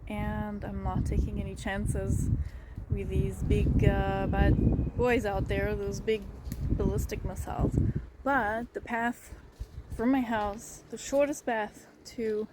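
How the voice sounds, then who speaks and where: A woman's voice: mid-range voice, heavy background noise. A middle-aged woman, out of breath, filming herself on a phone as she walks outdoors to a bomb shelter and talks in a chatty, laughing way. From immigrant to Israel. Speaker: resident showing her shelter route. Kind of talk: handheld video walk-through.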